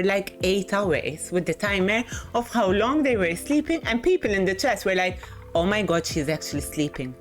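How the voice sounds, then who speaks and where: A chatty woman streamer hosting a guest, her pitch swinging up and down as she talks. She sounds excitable and quick to laugh. Faint music plays under her voice. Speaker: streamer host interviewing a guest. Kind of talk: casual livestream chat.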